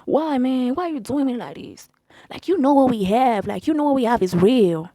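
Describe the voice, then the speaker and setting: A woman's voice: high voice, expressive, moderate pace, dark tone, dry recording, studio quality. A woman voicing her obsessed ex-fling, a young man who whines and pleads. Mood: pleading. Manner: whiny, pleading.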